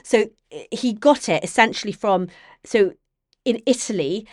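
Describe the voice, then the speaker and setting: A woman professor explains her subject patiently, pausing to rephrase as she goes. Her pitch sits in the middle for a woman. The sound is close and dry. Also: lively intonation, no echo. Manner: thoughtful, explanatory, with many restarts and fillers. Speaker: literature professor. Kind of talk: academic interview.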